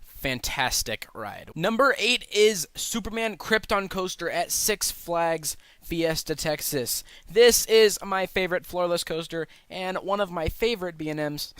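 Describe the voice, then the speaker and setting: A man's voice: high-pitched, lively intonation, measured pace, few pauses, a bit bright, clear, resonant tone, no echo. A young man hosting a casual countdown vlog, talking eagerly and rambling with fillers and restarts. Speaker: channel host ranking roller coasters.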